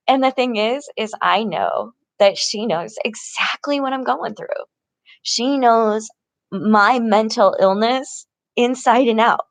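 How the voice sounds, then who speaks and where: A woman's voice: fairly high pitch, takes it slowly, no echo. A woman talking casually in a rambling personal vlog, laughing often between her sentences. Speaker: vlogger. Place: tent in an encampment.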